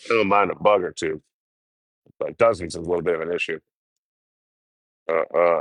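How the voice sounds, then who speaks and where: A man with a very low voice tells road stories on a livestream, swearing freely and talking with animated energy. The sound is dry and close, with hardly any room echo. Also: normal speed, long pauses. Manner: profane, animated storytelling. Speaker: hitchhiking livestreamer. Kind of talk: casual storytelling on a livestream.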